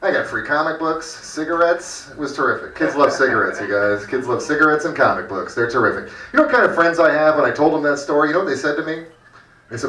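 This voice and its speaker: A man hosts a comedy night with a lively, swinging delivery and crude punchlines. His voice is bright and slightly high. He is heard from a distance in a room with a lot of echo. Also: fast. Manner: animated, crude storytelling. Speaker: comedy show host. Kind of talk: stand-up comedy set. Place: comedy club stage. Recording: echoey club room from far off.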